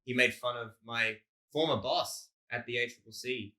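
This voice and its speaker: A young man chats on a comedy podcast, trailing off and circling back mid-sentence. His voice is bright and forceful, pitched in a middle range. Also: normal speed. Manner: rambling, self-interrupting, restarts sentences. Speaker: podcast co-host. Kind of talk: casual comedy podcast chat.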